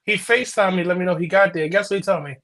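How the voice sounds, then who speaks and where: High fast-talking guy on a podcast, faint clicks behind. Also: fairly bright tone, a little hiss or hum. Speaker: podcast co-host. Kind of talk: casual chat.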